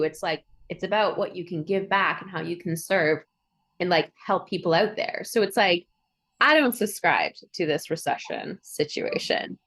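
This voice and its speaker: A woman's voice: mid-range voice, a bit bright. A woman hosting a podcast interview, chatting casually, laughing often and acting out quoted lines with bubbly energy. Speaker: podcast host.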